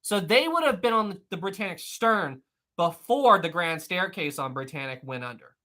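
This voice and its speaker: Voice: medium pitch, expressive, normal speed, sharp tone. A live-stream host chatting casually and answering the chat, often repeating phrases.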